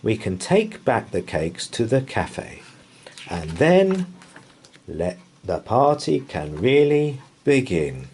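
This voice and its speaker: A man voicing a brave young boy adventurer, eager and bright, in a storybook read-aloud. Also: medium pitch, big pitch swings, takes it slowly, a little hiss or hum.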